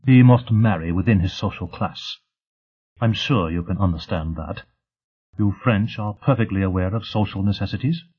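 A man's voice: low voice, moderate pace, husky. A man doing an imperious society matron. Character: haughty older society mother, imperious. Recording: tinny phone-like sound.

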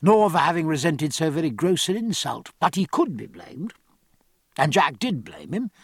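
A man narrating an audiobook in an expressive, measured literary reading, close on a studio mic. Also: on the high side, husky, no room sound.

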